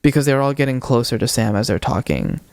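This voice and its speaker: A young man on a podcast, retelling a ghost-hunting video with animated quoted voices in casual storytelling. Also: medium pitch, fast talker, dry recording. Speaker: podcast co-host.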